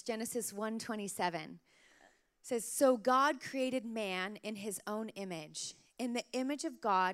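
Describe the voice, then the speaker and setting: A woman in her thirties preaching a sermon to mothers, telling personal stories in a chatty way full of "like" fillers. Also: mid-range voice. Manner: warm storytelling, chatty with many "like" fillers. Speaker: pastor.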